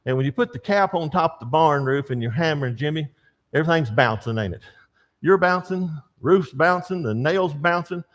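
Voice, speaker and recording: Speaking at a moderate pace in a voice that runs a little high, an older man leads a church Bible class. He tells stories with animation and keeps asking his students questions.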